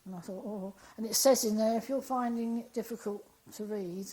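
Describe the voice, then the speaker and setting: A woman, an interview guest, telling a personal story in a lively, animated way and acting out the dialogue she quotes. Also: fairly high pitch, a little fast, low-quality recording.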